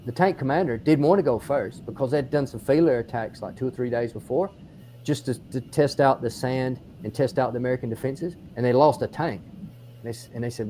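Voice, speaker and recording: A man with an Australian accent, a military historian giving an on-site battlefield explanation, telling the story in animated detail with frequent restarts. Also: medium pitch, brisk, slight background noise. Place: outdoors on a battlefield.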